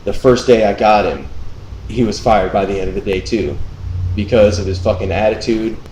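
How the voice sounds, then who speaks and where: A young man hosting a casual podcast, telling a long, profane, animated story about a lazy coworker. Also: lowish voice, normal speed. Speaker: podcast host. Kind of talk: casual chat. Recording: echoey room, faint noise.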